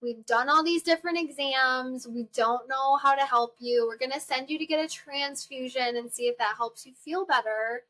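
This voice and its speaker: A woman's voice: high-pitched, normal speed, hardly any pauses, sharp tone. A young woman, hosting a podcast and telling a personal story in a chatty, exclaiming way full of fillers. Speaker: podcast host. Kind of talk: casual storytelling to listeners.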